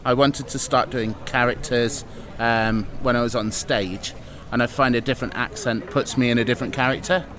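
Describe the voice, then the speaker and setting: A man answers questions in an earnest, reflective way. His pitch sits in the middle range. He was recorded outdoors in a town. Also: fairly even intonation, normal speed, noisy background. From England. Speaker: improviser and presenter. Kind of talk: interview answers.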